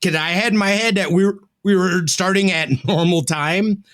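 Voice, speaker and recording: A man's voice: high voice, normal speed, fairly bright tone. A tired man in his thirties rambles through a story on a gaming podcast, often laughing mid-sentence. His voice sits a little above the usual male range. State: tired from no sleep. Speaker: podcast co-host. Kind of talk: casual chat.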